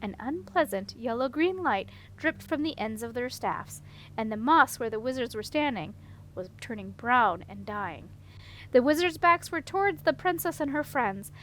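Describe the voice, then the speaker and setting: A woman narrating a fantasy children's novel as an audiobook reader, steady and even. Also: on the high side, normal speed, slight background noise, poor audio. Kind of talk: storybook narration.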